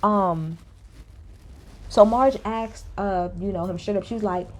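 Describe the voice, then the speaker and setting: A woman's voice: mid-range voice, measured pace. A woman recapping a reality show in a casual, blunt, opinionated way, swearing freely.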